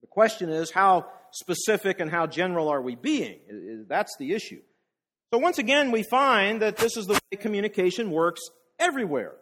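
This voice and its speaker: A man's voice: high-pitched, big pitch swings, moderate pace, a bit bright. A man preaching a conversational sermon, asking the congregation rhetorical questions and often repeating words as he restarts.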